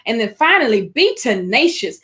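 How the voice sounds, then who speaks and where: Higher-pitched woman giving an encouraging webinar talk. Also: very animated, pushed and bright. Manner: encouraging, speaks directly to the audience; slows down to stress key phrases. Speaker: webinar presenter. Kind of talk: online presentation for educators.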